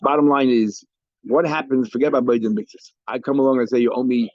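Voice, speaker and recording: A man's voice: medium pitch, steady tone, brisk, darkish tone, no echo, lo-fi sound. A man teaching a Talmud lesson, explaining cases with frequent restarts and Hebrew and Aramaic terms.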